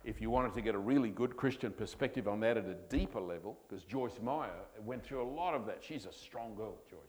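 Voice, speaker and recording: A man's voice: on the low side, animated, a little mellow, rough recording. A man preaching a sermon, from Australia, leaning hard on key words and stretching them out. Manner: emphatic, drawn-out key words.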